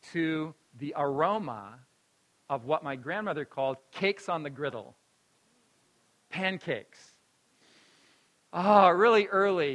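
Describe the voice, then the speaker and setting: A man telling a personal childhood story in an animated way, laughing often and moving between loud and hushed delivery. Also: a little high, rough recording.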